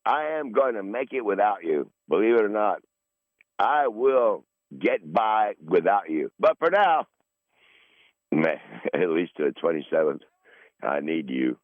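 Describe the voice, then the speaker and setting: A man's voice: lowish voice, very animated, a little slow, no echo. Profane rambling man in his sixties, lo-fi. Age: 60s. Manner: profane, rambling, repeats himself. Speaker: podcast host. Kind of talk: casual rambling monologue. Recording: dull lo-fi dry recording.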